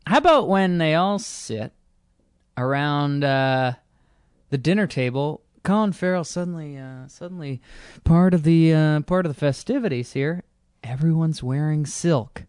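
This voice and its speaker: A man's voice: fairly high pitch, a little slow, smooth, no echo, studio quality. A man co-hosting a podcast, talking through a film in a casual, playful and wry way. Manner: playful, wry, lively delivery. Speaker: podcast co-host.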